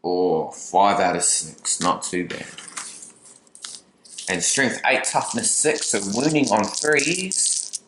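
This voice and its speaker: A man's voice: on the low side, big pitch swings, takes it slowly, echoey room, background noise. A man casually commentating a tabletop wargame battle, chatty with playful asides. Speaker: battle report host.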